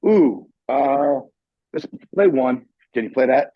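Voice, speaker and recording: A middle-aged man from New York, a guitarist guest, tells a profane, animated story over a video call in a casual interview, restarting his sentences again and again. His husky voice sits at an ordinary pitch and he speaks slowly. The muffled call audio sounds dull and dry.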